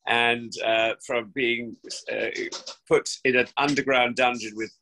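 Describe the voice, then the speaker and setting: A man in his sixties, an actor from the West Country of England, speaks at a measured pace in a medium-pitched, sharp voice with fairly even intonation. Chatting theatrically and effusively as a remote interview guest from home in lockdown, he restarts often. There is slight background noise and the recording is low quality.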